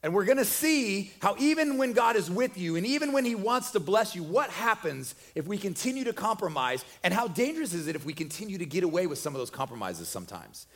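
A preacher with a fairly high male voice tells a story in a loose, chatty sermon. He jokes as he goes and keeps the retelling lively and conversational. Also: fairly quick, hardly any pauses. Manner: joking, conversational, animated retelling.

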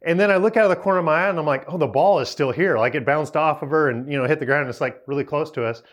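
Animated man telling a self-mocking story. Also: a little high, rapid-fire. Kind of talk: storytelling talk to a young audience.

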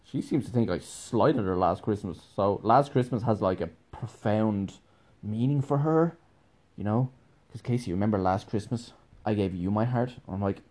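A man's voice: fairly low pitch, normal speed, warm tone. A young man telling a casual, rambling story, laughing often and filling his talk with "like". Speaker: podcast host, musician.

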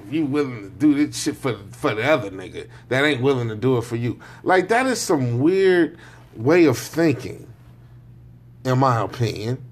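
A man talking in a loose, rambling monologue, frank and profane, often checking in with his listener. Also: mid-range voice. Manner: loose, rambling, often asks "you know what I'm saying"; frank and profane, with slangy speech. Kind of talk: casual monologue.

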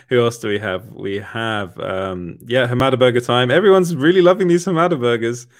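A man's voice: mid-range voice, normal speed, dry recording. Dry-mic man hosting a live chat. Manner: chatty, laughs often, filler-heavy. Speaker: livestream host. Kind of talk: casual live chat, reading viewer comments.

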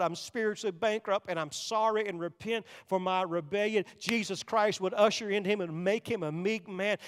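An older man preaching a sermon, swinging between loud, urgent passages and hushed, quiet ones. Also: high voice, smooth, in a large hall. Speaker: pastor.

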